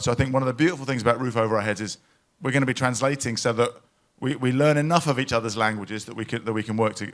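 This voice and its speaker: A man speaks at a live event in a pavilion, telling stories with a mid-range voice. He sounds emotional and anecdotal, stopping and restarting his sentences often. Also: mid-range voice. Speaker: panel speaker at a climate event.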